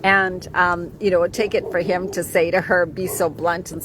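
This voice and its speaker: Chatty woman vlogger, low voice. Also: fairly even intonation, normal speed, hardly any pauses, noisy background. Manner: chatty, keeps asking "right?". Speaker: wellness coach. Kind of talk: casual talking-head vlog.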